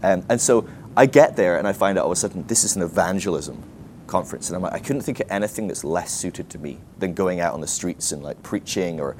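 A man's voice: sits low, quick pace, darkish tone, slight background noise. A man speaking at a ministry school, telling a self-deprecating story in a casual sermon, full of "like" and restarts.

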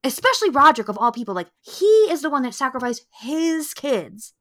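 Female podcast co-host, bright tone, animated casual chat, salty language. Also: high-pitched, brisk. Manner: animated, swears freely, acts out quotes.

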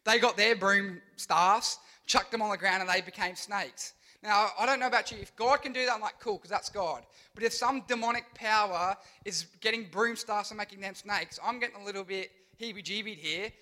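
A young man preaching an energetic youth sermon, telling stories with sound effects and funny voices. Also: sits high, normal speed, hardly any pauses. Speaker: youth pastor.

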